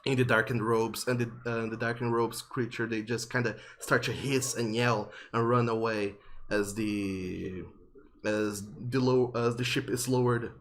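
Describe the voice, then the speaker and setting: A male game master narrates a tabletop scene at an unhurried pace, describing it step by step with frequent fillers. His voice sits at an ordinary middle pitch. A faint room ambience hangs behind him. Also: level tone, a bit bright, a little hiss or hum.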